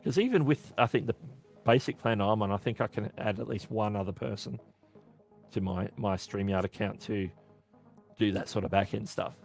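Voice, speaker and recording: A man's voice: on the low side, moderate pace, gravelly, darkish tone, soft background music. Chatty Australian man hosting a livestream. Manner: chatty, self-correcting, answering chat questions. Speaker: livestream host. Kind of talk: casual live-stream Q&A.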